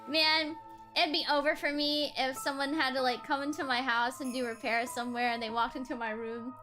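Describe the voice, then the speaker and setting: A woman's voice: sits high, flat delivery, brisk. A young woman in her twenties streaming as a VTuber, chatting casually and giggling often. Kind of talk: casual livestream chat. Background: faint background music.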